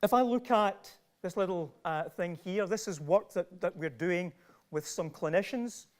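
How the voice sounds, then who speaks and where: Man, Glasgow Scottish accent, middle-aged, public lecture, high-pitched, emphatic. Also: unhurried. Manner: emphatic, rhetorical questions, some restarts. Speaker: professor giving a talk.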